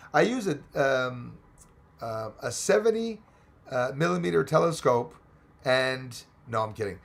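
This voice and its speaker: A man with a Texan twang hosts a casual live chat, working through viewer comments one after another. His voice carries a gravelly fry, and his talk runs chatty and rambling, with excitable turns. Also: mid-range voice. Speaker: livestream host reading chat.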